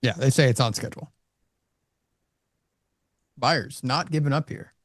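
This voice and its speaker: A man's voice: medium pitch, unhurried, a bit bright, no echo, clean studio sound. A man co-hosting a live trading stream, thinking aloud about his trades and poking fun at his own calls. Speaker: co-host, futures trader.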